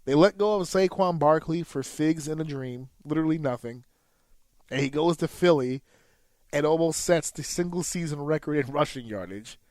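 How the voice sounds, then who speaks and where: A man's voice: a little high, moderate pace, darkish tone, no room sound. A man co-hosting a podcast, telling a casual, profane story and acting out his own reactions. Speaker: podcast co-host. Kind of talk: casual chat.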